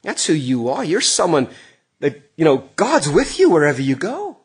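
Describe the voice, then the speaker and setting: Middle-aged guy preaching a sermon, kinda high voice, goes big then drops real quiet. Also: huge pitch swings, moderate pace, husky. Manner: earnest, swings from emphatic highs to hushed, quiet passages. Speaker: pastor.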